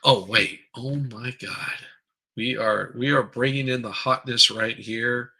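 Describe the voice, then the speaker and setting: A man's voice: mid-range voice, fairly even intonation, a little slow, vocal fry, pushed and bright, husky. A middle-aged man hosting a livestream, ranting crudely and mockingly about politics, profane and rambling. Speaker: livestream host. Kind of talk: crude comedic political rant.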